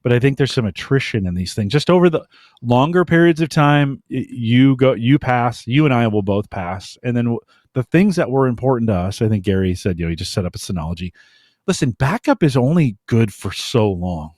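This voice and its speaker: A man's voice: medium pitch, animated, brisk, darkish tone, no room sound. A man co-hosting a podcast in casual chat, talking emphatically and giving strong opinions on a close mic. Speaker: podcast co-host.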